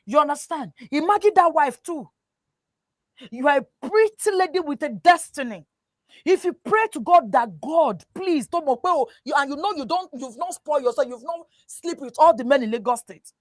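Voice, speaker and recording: A woman with a Nigerian accent on a talk show, giving animated, preachy advice, switching into Yoruba and often asking "you understand?". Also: high-pitched, normal speed, no room sound, clean studio sound. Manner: mixes English with Yoruba. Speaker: guest. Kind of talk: casual talk show chat.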